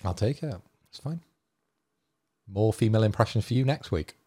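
A man's voice: lowish voice, expressive, moderate pace, warm tone, husky. A man hosting a casual podcast, steering the segment with wry, self-deprecating humour. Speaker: podcast host. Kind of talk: casual banter among friends.

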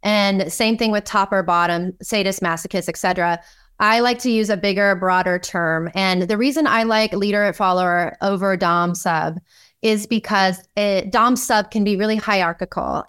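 A woman guest on a podcast, telling a story in a lively, enthusiastic way and acting out the voices in it. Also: medium pitch, moderate pace, smooth. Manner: enthusiastic, acts out quoted dialogue. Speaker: podcast guest, kink coach. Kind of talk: conversational storytelling.

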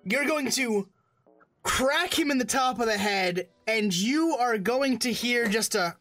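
A woman's voice: a little high, lively intonation, measured pace, a bit bright, faint music behind. A woman narrating a tabletop game as game master, casual and crude.

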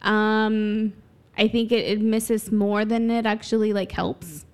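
A woman's voice: mid-range voice, flat delivery, slow pace, clean tone. A woman co-hosting a casual podcast chat, talking things through with personal examples and some teasing. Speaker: podcast co-host.

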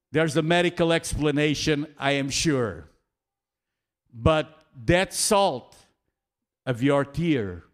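A man preaching a sermon in a slow, earnest way, with an occasional soft laugh. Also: fairly high pitch.

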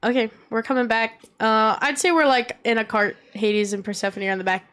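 A woman running an improvised role-play scene, easygoing and quick to laugh. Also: a little high, steady tone, a bit bright.

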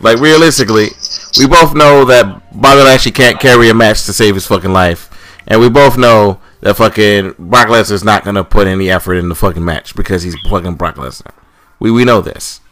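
A man's voice: lowish voice, brisk, a bit bright. A man ranting angrily on a casual podcast, swearing often as he complains. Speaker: podcast co-host.

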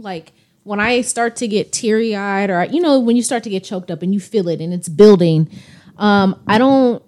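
A woman's voice: mid-range voice, a little mellow. A woman co-hosting a podcast, speaking thoughtfully and a little hesitantly in a casual chat. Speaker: podcast co-host.

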